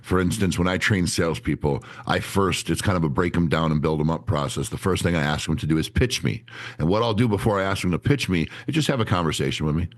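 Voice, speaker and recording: Very deep-voiced blunt man. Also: quick pace. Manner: blunt, animated, swears freely. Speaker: sales trainer, podcast guest. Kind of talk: candid interview talk.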